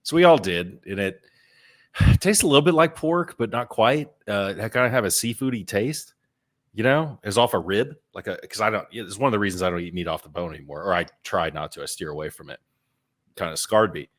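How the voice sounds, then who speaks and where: Speaking fairly quickly, this deep-voiced man shares stories during a laid-back podcast chat as co-host. He stumbles over repeated words while hunting for what to say, though the storytelling keeps an easy pace.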